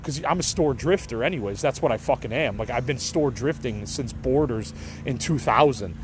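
A man's voice: mid-range voice, expressive, moderate pace, slight background noise, rough recording. Rambling, profane middle-aged man. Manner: profane, rambling, laughs things off. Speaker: podcast host. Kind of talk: casual rambling monologue.

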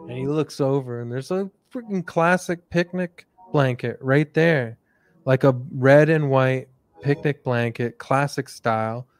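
A man hosting, telling an improvised comic story in a rambling, relaxed way with many fillers. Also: medium pitch, unhurried, no echo, faint music behind. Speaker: host.

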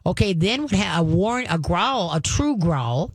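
A woman's voice: lowish voice, expressive, measured pace, no room sound. A woman hosting a call-in pet advice radio show, chatty and folksy, coaching callers on dog behavior. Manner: chatty, folksy, acts out coaxing voices to the dog.

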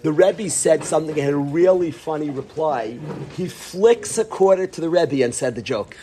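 A young man in his twenties gives a storytelling talk to a room of students. His voice runs somewhat high and swoops a great deal, and he acts out every quoted exchange. A faint hiss of noise sits behind him. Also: moderate pace. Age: 20s. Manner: animated, acts out whispers and quotes. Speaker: yeshiva educator.

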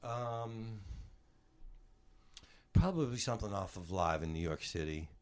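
A man with a New Orleans accent and a fairly low voice tells stories in a relaxed chat. He gets animated, laughs through his punchlines and swears now and then. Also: unhurried. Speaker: guest. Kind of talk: casual storytelling chat.

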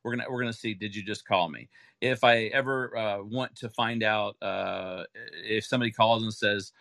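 A man's voice: on the low side, fairly even intonation, normal speed, gravelly, fairly bright tone, dry recording, studio quality. A man hosting a casual podcast chat, emphatic and repeating words when making a point. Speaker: podcast host.

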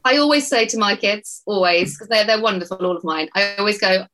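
A middle-aged woman chatting on a podcast. She tells stories with energy and acts out the family's lines as she goes. Her voice sits at an ordinary pitch for a woman. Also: quick pace, poor audio. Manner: animated storytelling, acting out family dialogue. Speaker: podcast panelist. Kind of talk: casual chat.

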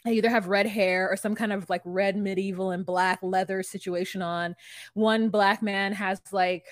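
A woman's voice: medium pitch, fairly even intonation, normal speed, no echo, clean studio sound. A woman co-hosting a podcast, chatting casually in a rambling, frank way full of "like" and the odd curse word. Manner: rambling, lots of "like", frank and profane. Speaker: podcast co-host. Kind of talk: casual recap chat.

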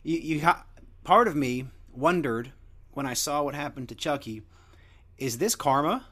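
A man's voice: fairly high pitch, lively intonation, unhurried, sharp tone. Crude, rambling man joking casually. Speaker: podcast host. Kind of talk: casual comedic monologue.

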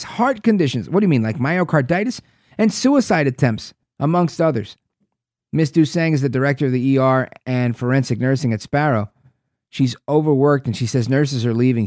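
A man's voice: on the high side, darkish tone, dry recording, clean studio sound. A man hosting a talk radio show, reading news aloud with sarcastic asides.

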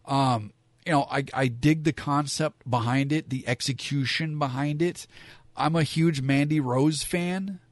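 Speaking a bit slowly in a fairly high, steady voice, a wrestling commentator from Southern California shares frank, rambling views in a casual monologue. He uses many fillers and asides, and there's no room sound.

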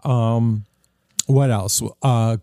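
A man co-hosting a food podcast in casual chat, hoarse and croaky from laryngitis. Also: mid-range voice, fairly even intonation, dark tone, dry recording, clean studio sound. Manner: apologetic, measured. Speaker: podcast co-host.

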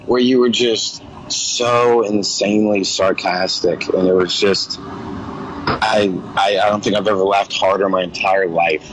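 A man's voice: on the low side, fairly even intonation, unhurried, a little hiss or hum, low-quality recording. A man calling in from the road, talking in a laid-back, enthusiastic, rambling way. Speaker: caller, touring musician. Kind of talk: phone call-in chat. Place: on the road in a vehicle.

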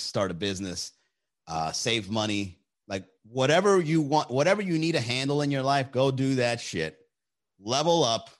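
Man, dating advice host, lively pitch, blunt, swears a lot, casual chat with viewers. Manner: profane, blunt, opinionated; animated, shifts voice for quotes.

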